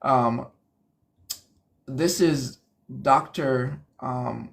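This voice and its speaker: A man's voice: medium pitch, unhurried, a bit bright. A man hosting a casual call-in show, laid-back and laughing often, sometimes losing his train of thought. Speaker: host of an online call-in show. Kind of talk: casual live-stream chat.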